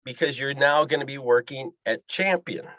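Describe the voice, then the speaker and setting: A man with a mid-range, slightly bright voice speaks at a moderate pace. As a podcast guest and a pilot and fishing guide, he delivers an animated story, acting out the voices in the conversations he quotes.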